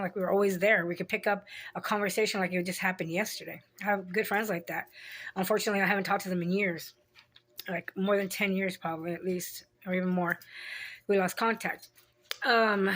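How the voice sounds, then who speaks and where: A middle-aged woman vlogging about her own life in a loose, candid ramble. She swears without a second thought and laughs at herself as she goes. Her pitch sits right in the middle for a woman. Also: a bit bright. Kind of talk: candid personal storytelling.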